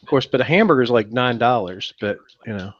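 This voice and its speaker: Wry, sarcastic podcast host. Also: male voice, mid-range voice, animated, fast talker, dull audio. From West Virginia. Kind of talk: casual podcast banter.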